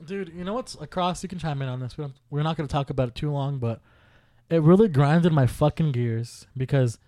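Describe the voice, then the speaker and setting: A young man co-hosting a casual podcast, loud and profane, ribbing his friends with lots of energy. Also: on the high side, brisk, no room sound, studio quality. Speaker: podcast co-host.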